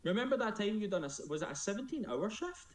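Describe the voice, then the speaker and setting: A man's voice: high voice, very animated, fast talker, roomy sound. A man chatting casually on a live stream, joking and teasing himself. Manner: playful, joking, self-mocking.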